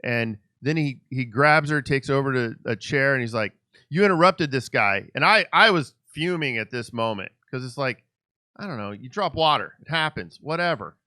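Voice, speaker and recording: A man's voice: mid-range voice, moderate pace, no echo. A male podcast host telling a story in a conversational way, voicing the people in it as he goes. His mid-range voice is recorded dry and close, with no room around it. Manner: animated storyteller who acts out quoted dialogue. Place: Los Angeles.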